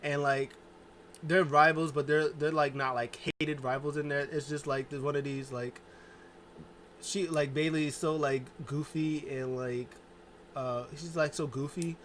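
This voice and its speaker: A man's voice: on the high side, steady tone, a little slow, a bit bright, slight background noise. A man giving a loose, rambling casual recap monologue, full of filler words and restarts. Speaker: wrestling show reviewer.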